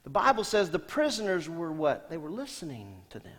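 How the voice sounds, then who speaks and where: A man preaching a sermon as senior pastor, asking the congregation questions and swinging between loud emphatic lines and quiet soft ones. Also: fairly high pitch, huge pitch swings, fairly quick, slightly rough. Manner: asks the congregation rhetorical questions. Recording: long hall reverb.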